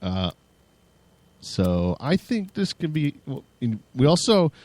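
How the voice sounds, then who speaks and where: Speaking slowly in a sing-song, medium-pitched and a little mellow voice, a tired co-host jokes through casual podcast banter with no room sound. He jumps into mock radio-DJ and metalhead voices, swears freely and laughs a lot.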